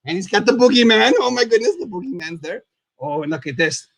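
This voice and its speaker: A man hosting as a goofy, high-voiced skeleton. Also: fairly quick, vocal fry, dry recording. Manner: rambling, excitable, refers to himself in the third person. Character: goofy skeleton host, male, chatty and silly. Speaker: host. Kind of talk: live puppet talk show.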